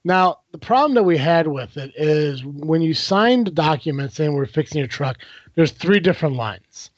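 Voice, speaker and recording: A man with a fairly high voice tells a workplace story in casual podcast chat. He swears freely and puts on the other people's lines as he goes. The sound is dull and dry, like a lo-fi home podcast mic. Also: lively intonation, normal speed, no echo. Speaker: podcast co-host telling a story.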